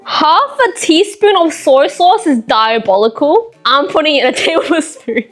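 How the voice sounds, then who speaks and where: A woman's voice: sits high, expressive, unhurried. A woman vlogging casually while cooking in a home kitchen, chatty and self-mocking as she talks to herself. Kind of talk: casual cooking vlog chat.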